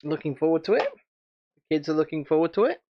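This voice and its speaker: A man's voice: fairly high pitch, big pitch swings, quick pace, dull audio, slight background noise. A British man hosting a casual livestream chat, chatty and rambling, and laughing often. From United Kingdom. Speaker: channel host.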